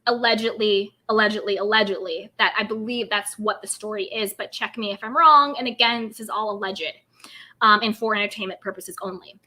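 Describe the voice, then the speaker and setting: A woman's voice: medium pitch, fairly quick, pushed and bright. A woman hosting a live stream, chatting in a gossipy way and reading viewer comments. She laughs often and keeps hedging every claim as alleged. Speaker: host of a live-streamed reality TV recap.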